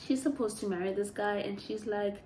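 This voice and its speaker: A woman chats as a book reviewer, chatty and gushing, rambling with many fillers. Her voice sits at a middle pitch. The room has an echo and a faint background hiss. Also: brisk, mellow. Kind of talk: casual chat. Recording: echoey room.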